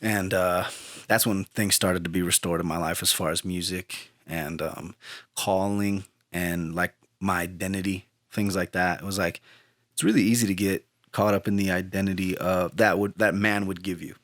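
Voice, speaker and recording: Low-voiced man, earnest and reflective. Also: normal speed, dry recording, studio quality. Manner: earnest, reflective, drifts into lively retelling. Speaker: guest musician. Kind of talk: storytelling conversation.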